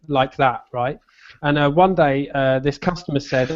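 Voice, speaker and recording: Sweary Buckinghamshire man, fairly high voice. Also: moderate pace, noisy background. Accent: Buckinghamshire English. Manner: sweary, jokey storyteller. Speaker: stream co-host. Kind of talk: casual chat. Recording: slightly muffled stream audio.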